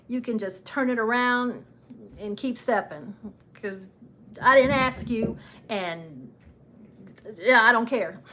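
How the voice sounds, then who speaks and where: A woman hosting her own travel channel livestream, chatting and encouraging viewers in a casual, upbeat way with frequent laughs. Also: on the high side. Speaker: travel channel host and travel agent.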